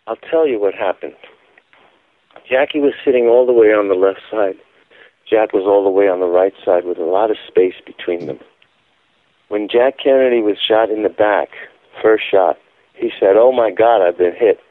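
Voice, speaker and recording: Male radio guest, emphatic and insistent, lowish voice, dry thin phone line. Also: normal speed, long pauses, dry recording.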